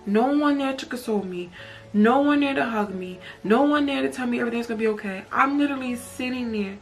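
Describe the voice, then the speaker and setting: A woman's voice: fairly high pitch, fast, soft background music. A woman telling a personal story in a storytime vlog, emotional and candid, swearing and saying "like" often. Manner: emotional, candid, heavy use of "like" and profanity. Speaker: vlogger.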